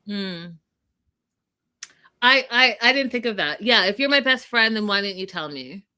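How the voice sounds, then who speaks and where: Bright-voiced woman recapping reality TV gossip. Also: medium pitch, unhurried. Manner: animated retelling of gossip with quoted voices. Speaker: podcast co-host.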